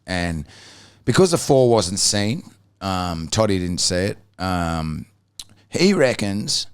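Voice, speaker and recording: An Australian man hosting a podcast, telling a story casually in a blunt, profane, animated way. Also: low voice, takes it slowly, clear, resonant tone, no room sound, studio quality. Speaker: podcast host.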